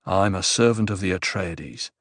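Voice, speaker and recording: A calm, unflappable male advisor, played by the narrator, with a slightly lowered, measured voice that reasons evenly. The sound is dry and close-miked. It is a low-key audiobook character. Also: dry recording.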